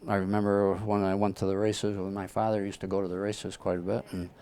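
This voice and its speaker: A man recalls a memory slowly, with some hesitation, in a documentary interview. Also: on the low side, little pitch movement, background noise.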